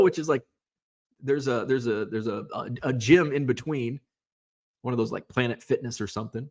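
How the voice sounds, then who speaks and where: A man's voice: mid-range voice, normal speed, a little mellow. Rambling chatty man on a stream. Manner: rambling, chatty, many fillers and restarts. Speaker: host of a sports card live stream. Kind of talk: casual live-stream chat reading viewer comments.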